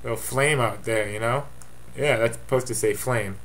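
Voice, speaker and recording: A man's voice: mid-range voice, normal speed, a bit bright, a little hiss or hum. A man giving a casual webcam update as commissioner of his fantasy football league, offhand and rambling with jokey asides.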